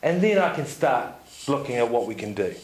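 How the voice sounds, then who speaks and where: A man giving a seminar talk to an audience, telling stories in an animated way, laughing often and checking in with "yeah?". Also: mid-range voice, a little fast, a little hiss or hum. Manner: animated storyteller, laughs often, tag questions. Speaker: seminar speaker. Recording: echoey room.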